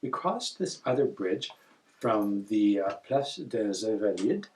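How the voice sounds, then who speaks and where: A man from northern Ontario chatting casually, telling lively, rambling stories full of self-corrections. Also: fairly low pitch, slow, far from the mic. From northern Ontario, Canada. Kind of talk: casual chat.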